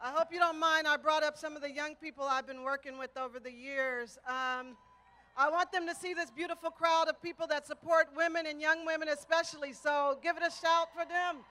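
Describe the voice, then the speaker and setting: A woman speaks at an outdoor rally in a very high, bright and forceful voice. She builds her speech with rhythmic repetition and rousing calls. Her stage microphone carries her over a large crowd. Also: fairly even intonation, brisk. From Texas, United States. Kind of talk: rally speech with call and response.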